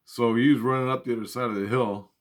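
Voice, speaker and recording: A man's voice: mid-range voice, fairly even intonation, quick pace. A man telling a personal story in a casual, rambling way, with lots of swearing and repeated phrases. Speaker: storyteller recounting personal experiences.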